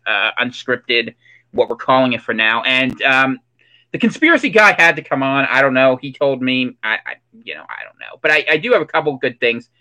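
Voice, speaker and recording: A man's voice: medium pitch, sharp tone, low-quality recording. Chatty man hosting his show. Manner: chatty and rambling, with fillers and restarts. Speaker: host. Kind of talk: casual show monologue.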